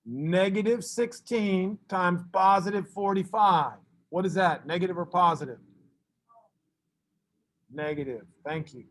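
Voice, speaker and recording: A man teaching a math class, brisk and teasing, fussing at students and then reassuring them. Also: high-pitched, fairly bright tone.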